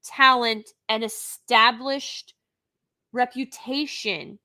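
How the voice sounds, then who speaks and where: A woman livestreamer delivers an indignant, emphatic review, sighing and restarting as she builds her case. Her voice sits a little high, with a bright, forceful edge. She takes her time, leaning on each word. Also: fairly even intonation, slow pace. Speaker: live-stream reviewer. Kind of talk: unscripted live review commentary.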